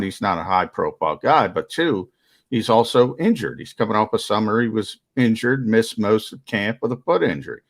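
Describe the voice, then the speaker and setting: A man's voice: lowish voice, fairly bright tone. A man in sports-show chat, giving his opinions on a football team's roster, talking casually with frequent restarts. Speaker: sports analyst.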